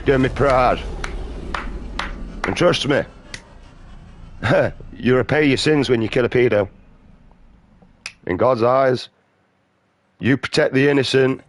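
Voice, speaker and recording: A man's voice: medium pitch, takes it slowly, long pauses, slight background noise. A British man giving casual, profane, ranting commentary while playing a video game. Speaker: gaming streamer. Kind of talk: casual commentary over gameplay.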